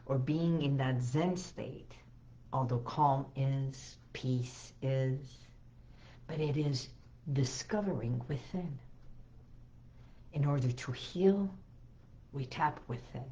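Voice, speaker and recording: A hypnotherapist woman giving an inspirational talk to camera, speaking slowly and soothingly with gentle emphasis and repetition. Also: rumbling low, dull audio. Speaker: hypnotherapist and healing coach.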